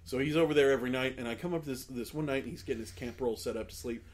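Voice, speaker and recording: Rushing through a long tale, a male podcast co-host with a mid-pitched voice keeps the chat casual and lively. He impersonates the people he quotes and breaks into laughter again and again.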